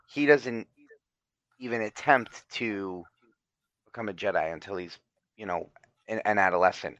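A man's voice: mid-range voice, a bit bright, no echo. Blunt, profane man, dry dull recording. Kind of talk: casual chat. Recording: dry, slightly dull lo-fi sound.

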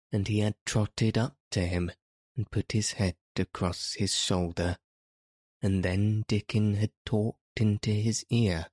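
A man reads a classic novel aloud with measured, gentle narration. His voice is deep and his pace unhurried, recorded close and dry. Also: no room sound. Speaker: audiobook narrator. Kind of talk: scripted narration.

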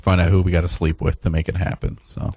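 A man with a very low voice talks about his band in a loose, rambling way, with a quick joke now and then. The sound is dry and close, with almost no room. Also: breathy edge, no echo. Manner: relaxed, rambling, joking. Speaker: busking band member. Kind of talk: casual interview chat.

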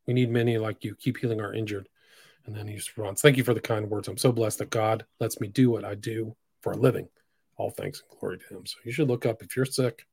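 A man hosting a solo podcast, reading posts aloud in a flat voice broken by sudden loud, emphatic bursts. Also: fairly low pitch, brisk, vocal fry, husky. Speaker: podcast host.

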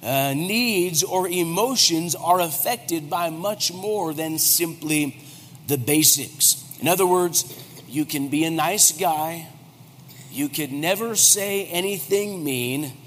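Male pastor, 40s, high voice, animated and joking; preached in a reverberant hall with faint noise. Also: slow. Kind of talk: humorous sermon.

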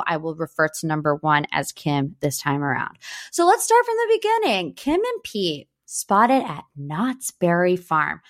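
A young woman from Northeast Ohio hosting a podcast, chatting about pop culture in a gossipy, animated way. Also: on the low side. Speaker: podcast host. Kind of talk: casual pop-culture chat.

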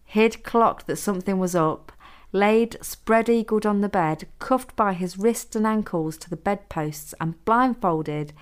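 A woman reading her own story aloud as an audiobook, in a steady, measured narration. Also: medium pitch, clean tone.

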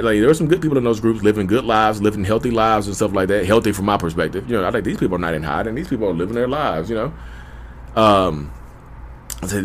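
A man talks straight to his audience in a casual, heartfelt way, repeating his points and calling everyone y'all. His voice sits on the lower side. A faint hum of room ambience runs underneath. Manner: earnest, repetitive, addresses listeners as y'all. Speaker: YouTube host. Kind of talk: casual direct-to-camera advice talk.

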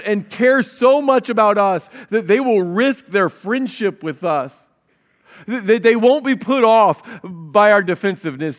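A man delivers a sermon in a fairly high voice, earnest and direct. He reads scripture aloud between his points and often repeats a word as he restarts a sentence. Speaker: pastor.

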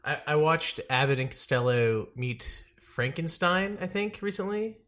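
Deadpan hungover male podcast host. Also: a little high, a little slow. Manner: dry, deadpan ad read with self-mocking asides. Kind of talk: casual podcast talk and ad read.

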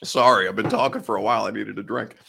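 A man's voice: lowish voice, fairly even intonation, fast talker, vocal fry, pushed and bright, slight background noise. A man around thirty hosting a casual live show, rambling and cutting himself off, laughing often. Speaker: podcast host and sports reporter. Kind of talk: casual live-show chat, reading viewer comments.

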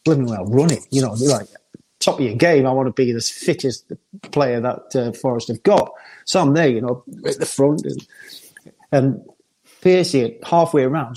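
Husky older man telling stories. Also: medium pitch, normal speed. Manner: laughs often, lively storyteller acting out others. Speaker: former footballer guest. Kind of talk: casual anecdote telling.

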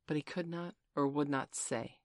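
Low-voiced woman reading a storybook. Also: fairly even intonation, moderate pace, a little mellow, no echo, clean studio sound. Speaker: narrator. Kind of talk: storybook narration.

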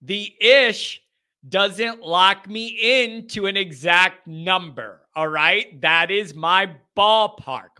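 Here a sports podcast host runs through his picks, emphatic and sarcastic, never shy about his opinions, in easygoing commentary. The voice is high, bright and forceful.

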